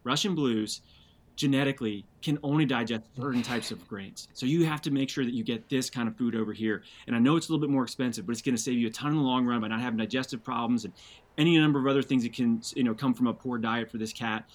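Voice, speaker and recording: A man speaking as a guest on a podcast, animated and loose, with plenty of swearing and fillers. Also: mid-range voice, quick pace. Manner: animated, swears freely, frequent fillers and restarts. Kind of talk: casual podcast conversation.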